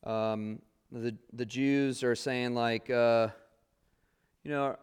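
A man's voice: medium pitch, fairly even intonation, slow pace, clear, resonant tone. Man teaching a casual Bible class. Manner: conversational, many fillers, reads scripture aloud then explains.

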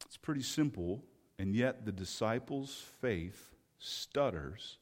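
A pastor preaches an impassioned sermon full of fervent rhetorical questions, acting out the voices he quotes. His voice is on the low side, expressive, and slow, with long hall reverb around it.

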